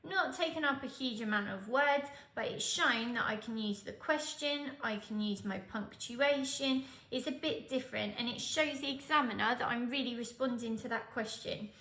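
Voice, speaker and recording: This exam tutorial features a woman teaching Spanish with patience, moving step by step and asking "okay?" to check understanding. Her voice is a little high and fairly bright, at a moderate pace with hardly any pauses, in a roomy acoustic.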